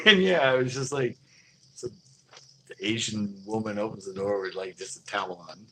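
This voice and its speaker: A man's voice: fairly low pitch, normal speed, slight background noise. A man hosting a live stream, telling a story in a rambling, loose way with frequent laughter. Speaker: fishing channel host.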